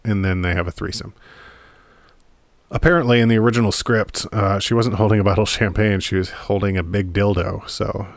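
Deep-voiced man rambling about movies. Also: steady tone, fairly quick, gravelly, no echo. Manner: rambling, irreverent, laughs often, swears casually. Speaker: movie commentator. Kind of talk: casual movie chat to camera. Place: home room in front of a DVD rack.

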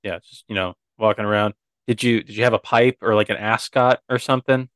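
Teasing young man, mid-pitched. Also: fairly even intonation, a little fast, fairly bright tone, smooth, dry recording. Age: young adult. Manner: teasing, jokey interjections. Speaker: podcast co-host. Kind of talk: casual chat.

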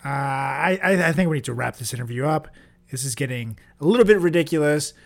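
A man hosting a comedy podcast, ranting in loud exasperation. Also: a little high, expressive, brisk, gravelly. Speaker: podcast host.

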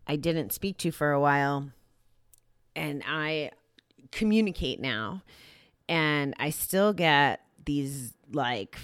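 Low-voiced woman musing on her recovery. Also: clear, resonant tone, no room sound, clean studio sound. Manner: candid and rambling, many restarts and "like". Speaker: recovery vlogger sharing a daily reading. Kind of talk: reading aloud then casual reflective talk.

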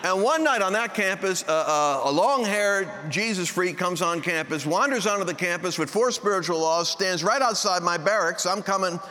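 Bright, high-voiced man preaching. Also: normal speed, few pauses. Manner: joking storyteller who acts out quoted voices. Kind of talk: sermon. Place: large meeting hall with a live audience. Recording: long hall reverb, faint background noise.

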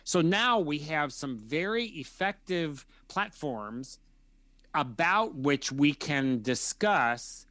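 A man answering an interview question, explaining feelings in a measured way and repeating phrases as he lists them. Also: on the high side, animated, fairly bright tone, no room sound. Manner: measured, repetitive listing of feelings. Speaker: guest expert.

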